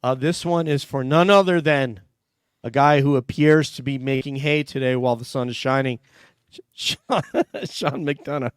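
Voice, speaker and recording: A man's voice: mid-range voice, steady tone, normal speed, clear, resonant tone, no echo, studio quality. A man hosting a casual livestream panel, reading out viewer donations in a chatty, joking way. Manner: chatty, jokey, thanks viewers warmly. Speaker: host reading super chats.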